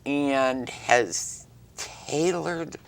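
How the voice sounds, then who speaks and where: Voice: medium pitch, extremely slow. A talk show host asking friendly, rambling questions in a studio interview.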